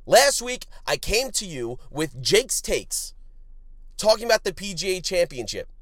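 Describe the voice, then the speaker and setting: A man's voice: high-pitched, a little slow, no echo. Fired-up man ranting on his podcast. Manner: animated, swings from shouting to muttering; crude, joking. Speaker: podcast host. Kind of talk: sports betting rant.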